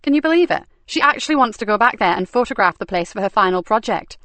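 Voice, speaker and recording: A woman doing a tough, brisk female detective. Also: medium pitch, animated, dry recording, lightly acted. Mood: wry. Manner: brisk, loud and wry.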